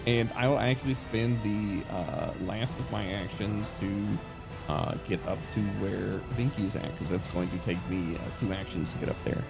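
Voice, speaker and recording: A man's voice: on the low side, moderate pace, creaky, loud music behind the voice. A man playing in a tabletop game who narrates his character's moves in a jokey, chatty way. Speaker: player. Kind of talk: casual table chat.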